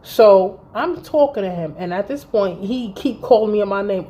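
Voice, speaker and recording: A woman around thirty telling a story to camera in a vlog, blunt and animated, with heavy swearing. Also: medium pitch, a little slow. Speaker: vlogger. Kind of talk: storytime vlog, recounting a fight.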